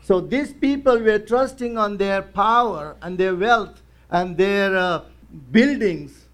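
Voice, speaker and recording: A man's voice: high voice, slow pace, fairly bright tone. A male pastor preaching in church, telling a story with acted quotes and emphatic rises. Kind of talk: sermon.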